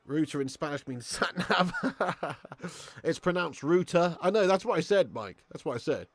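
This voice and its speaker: A man's voice: on the high side, animated, moderate pace. A young man hosting a live football watch-along who chats, swears and laughs, bantering with viewers in the chat.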